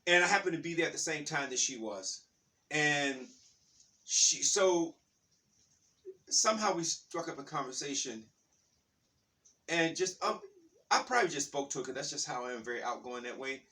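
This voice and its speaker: Man, bright voice, rambling animated storyteller, a little far from the mic. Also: on the high side, normal speed, long pauses. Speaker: spiritual talk host. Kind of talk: casual storytelling monologue.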